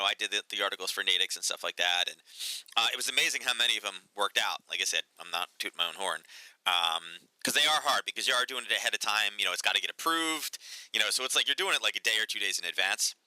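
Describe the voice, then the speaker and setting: A man's voice: on the low side, expressive, fast talker, bright, forceful tone, no room sound, low-quality recording. A man hosting casual live market commentary, chatty and sarcastic. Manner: chatty, sarcastic, lots of "right?" and "um". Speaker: market analysis host.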